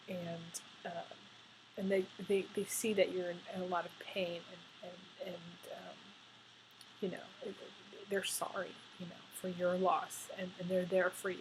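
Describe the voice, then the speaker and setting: A woman's voice: lowish voice, level tone, measured pace, a little hiss or hum, low-quality recording. A woman giving a casual spoken tarot reading, rambling with many fillers and restarts and getting emotional. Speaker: tarot reader.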